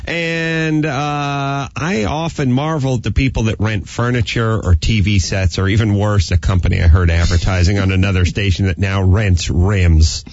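A man's voice: lowish voice, steady tone, normal speed, few pauses, a little mellow, no room sound. A man hosting a radio talk show, bantering with a dry, wry delivery. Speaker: radio host. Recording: dull lo-fi broadcast audio.

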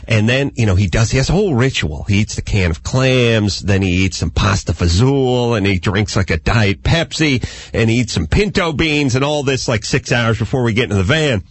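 A man hosting a talk radio show, telling a long comic story in a rambling, animated way. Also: mid-range voice, normal speed, husky, no echo. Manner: animated, rambling, acts out quotes.

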